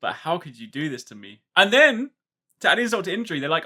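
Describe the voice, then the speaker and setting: A man's voice: a little high, fast talker. A man, a content creator, chatting casually as a guest. He tells stories with a lot of exaggeration and often breaks off and restarts. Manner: animated, exaggerated storytelling, frequent self-interruptions. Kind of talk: casual chat.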